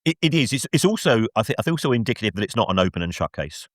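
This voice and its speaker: A middle-aged man, a football finance expert guest on a podcast, telling an animated story with lots of restarts and self-mocking laughs. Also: lowish voice, rapid-fire, no room sound, clean studio sound. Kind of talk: casual podcast anecdote and analysis.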